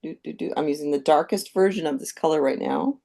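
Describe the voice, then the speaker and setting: Woman, painting instructor, creaky voice, calm step-by-step explaining, live demo. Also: low voice, fast.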